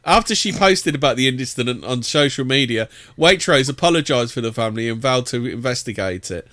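A man hosts a casual podcast, reading stories aloud and trading crude banter. His voice is bright and forward, and the sound is close and dry with no room around it. He often stammers and restarts his sentences. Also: medium pitch, lively intonation, brisk, no room sound. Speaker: podcast host. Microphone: desk microphone.

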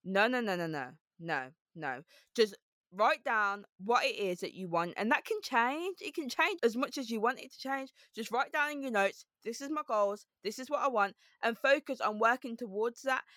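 A woman from Birmingham with a softened Brummie accent and a slight lisp, a guest speaking in an upbeat, emphatic way and repeating her key points. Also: a little high, normal speed, no echo, clean studio sound. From Birmingham, England. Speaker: podcast guest. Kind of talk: casual interview chat.

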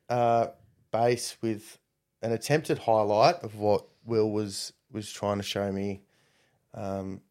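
Man, casual storytelling, rambling, lively quoted voices. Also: on the low side. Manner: rambling, animated when quoting others.

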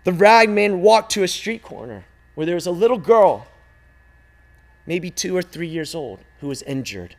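A man telling a parable slowly and expressively, calling out loudly at times and sinking to a hush at others. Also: high-pitched. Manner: slow, expressive telling, swinging from loud calls to hushed near-silence. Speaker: storyteller. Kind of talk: dramatic storytelling.

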